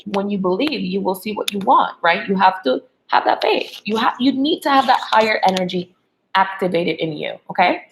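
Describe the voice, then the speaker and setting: A woman's voice: medium pitch, expressive, normal speed, slight background noise, poor audio. A woman love coach giving a motivational spiritual talk to women, checking in with "okay?" and "right?" as she goes.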